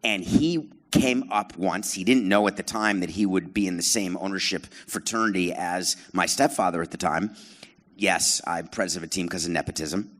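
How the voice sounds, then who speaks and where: A middle-aged podcast host and former baseball team president runs a live show on stage, telling stories with sarcasm and self-deprecation while needling the crowd. His voice is low and a bit bright, at a normal speed.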